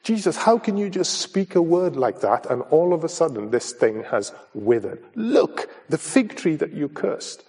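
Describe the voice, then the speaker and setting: A man acting out the disciple Peter as an excited grown man, exclaiming in surprise. He calls out with breathless astonishment. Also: fairly low pitch, slow, vocal fry, hardly any pauses, breathy edge, distant mic, heavily acted. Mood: amazed.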